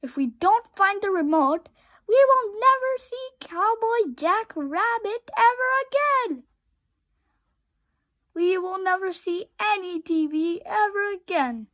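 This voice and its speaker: Brief: woman voicing excitable young male rabbit, storybook, high, slow and fretful. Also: full character voice. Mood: panicked.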